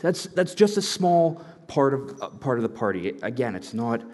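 A man voicing whiny, indignant teenage boys who plead in high, exasperated tones. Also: big pitch swings, normal speed, a little mellow, big-room sound, natural voice. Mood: whining.

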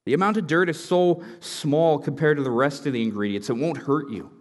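A man voicing a calm, patient father who reasons in a steady tone. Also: on the high side, fairly quick, long reverb tail, natural voice. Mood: reasoning. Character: calm, firm, patient middle-aged father.

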